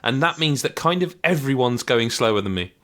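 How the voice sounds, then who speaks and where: A man hosting a podcast in casual chat, an animated storyteller who laughs often. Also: medium pitch, a little fast. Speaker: podcast host.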